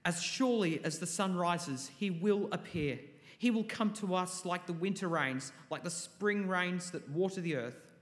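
A man with a fairly high voice reads scripture in a steady, declamatory way. A long hall reverb trails after each phrase. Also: a little slow. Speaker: scripture reader. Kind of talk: formal Bible reading.

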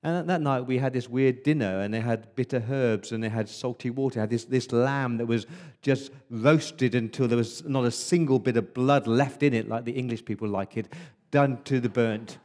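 A man preaching as an Israelite firstborn boy, telling the Passover night story in the first person, hushed in its dark moments. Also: medium pitch, normal speed, close to an everyday voice. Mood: tense. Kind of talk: first-person dramatic monologue in a sermon.

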